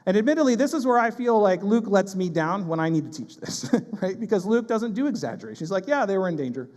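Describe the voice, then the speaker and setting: Male pastor, high voice, animated sermon delivery, church hall reverb. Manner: animated, acts out panicked voices, quick asides. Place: church sanctuary.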